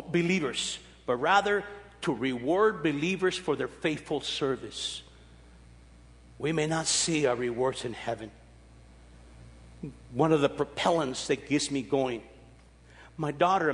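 A man's voice: fairly high pitch, fairly bright tone, in a large hall. A man in his sixties preaching a sermon, with an emphatic, repetitive, folksy delivery. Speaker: pastor.

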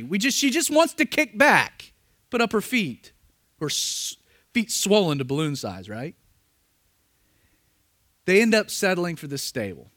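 A man's voice: high-pitched, no room sound, clean studio sound. A young man preaching a sermon, telling stories with acted-out voices and reading scripture aloud. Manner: animated storytelling with acted-out voices. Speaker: pastor.

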